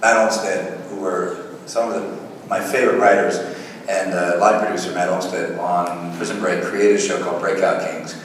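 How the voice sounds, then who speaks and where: A man's voice: low voice, moderate pace. Man telling stories in an echoey hall. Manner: lively anecdotal, chuckles often, acts out voices. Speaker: guest actor at fan Q&A. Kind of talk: storytelling answers to fan questions. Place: large convention hall. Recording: echoey hall taped from far off, faint noise.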